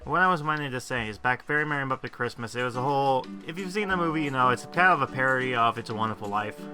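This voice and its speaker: A man's voice: mid-range voice, quick pace, pushed and bright, soft background music. A man casually commentating while playing a game, rambling and poking fun at himself. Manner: rambling, self-deprecating, with frequent fillers. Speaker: gaming video host.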